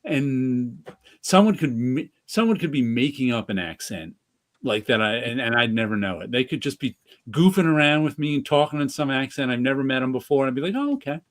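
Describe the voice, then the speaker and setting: A man with a New York accent talks casually on a podcast, wandering through his thoughts with lots of restarts. His pitch sits in a middling range. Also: fairly quick. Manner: rambling, with restarts and light laughs. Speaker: podcast co-host. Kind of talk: casual chat.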